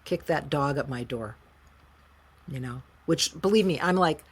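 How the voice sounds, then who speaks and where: A middle-aged woman from the United States, a singer-songwriter telling her story as an interview guest in a frank, emotional, animated way. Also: deep voice, unhurried, breathy edge. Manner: frank, emotional, animated retelling with quoted voices. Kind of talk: candid conversational storytelling.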